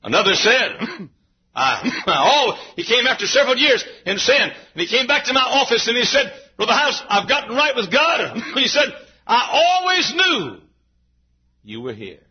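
A man preaching in a church, his husky voice swinging widely between low murmurs and high, ringing cries. He repeats lines and works up to shouted peaks. The recording is dull and lo-fi. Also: huge pitch swings, measured pace. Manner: preaching with rising, shouted climaxes and repetition. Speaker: pastor. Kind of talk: sermon.

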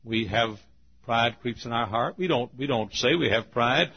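Husky guy preaching, folksy stories, soft then loud, dull old recording. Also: mid-range voice, normal speed. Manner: folksy, swings from hushed to loud. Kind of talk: storytelling sermon.

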